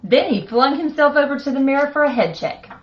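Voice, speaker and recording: A woman's voice: sits high, lively intonation, fairly quick, a little hiss or hum. A middle-aged woman hosting a live stream, cheerfully reading a picture book aloud and chatting with a chuckle. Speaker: host reading a children's book. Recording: dull, muffled sound.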